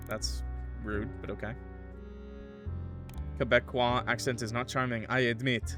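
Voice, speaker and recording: Excitable man streaming a visual novel. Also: mid-range voice, brisk, over music. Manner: excitable, swears, laughs loudly. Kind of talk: casual let's-play commentary and narration.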